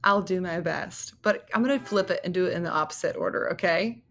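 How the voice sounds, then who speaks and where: A woman's voice: on the low side, brisk, fairly bright tone. A woman in her thirties, a guest researcher, talking cheerfully and chattily on a podcast. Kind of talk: casual chat.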